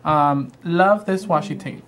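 A man's voice: on the high side, slow, a bit bright, slight background noise. Gushing man hosting a craft demo. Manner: gushing, chatty, frequent "um" fillers. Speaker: craft show host. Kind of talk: live crafting product demo.

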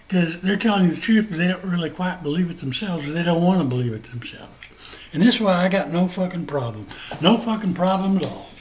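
A man's voice: high-pitched, a little hiss or hum, poor audio. A man hosting a show, delivering a rambling, profane monologue rant with emphatic repetition. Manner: profane, emphatic, laughs at his own points. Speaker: host.

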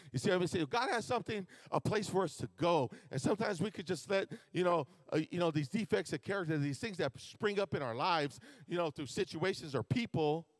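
A man preaching in a conversational, animated way, slipping into little acted-out quotes of his own thoughts. His voice sits a touch high for a man. The sound is dry and close. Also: no room sound. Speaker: pastor. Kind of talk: sermon. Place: church sanctuary.

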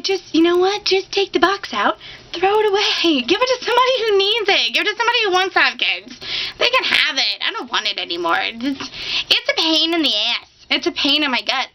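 Bright-voiced exasperated woman venting. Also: sits high, low-quality recording. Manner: exasperated, swings into mock sobbing. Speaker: vlogger. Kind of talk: casual confessional vlog rant.

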